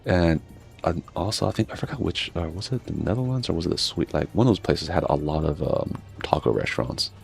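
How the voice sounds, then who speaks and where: A man with an extremely deep, gravelly voice tells food stories in loose, casual gaming chat. He drifts from story to story, swears freely and laughs a lot. Soft game music plays faintly behind him. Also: brisk. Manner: laid-back storytelling, swears, laughs often. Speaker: gaming streamer.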